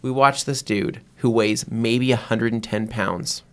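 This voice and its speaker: A man co-hosting a podcast in a relaxed, chatty tone, spinning a story with plenty of energy. His voice sits at an ordinary middle pitch. He slips into the voices of the people in his story and keeps asking "right?" to pull his friends along. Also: measured pace. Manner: animated storyteller who acts out quoted lines. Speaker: podcast co-host. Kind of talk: casual storytelling chat.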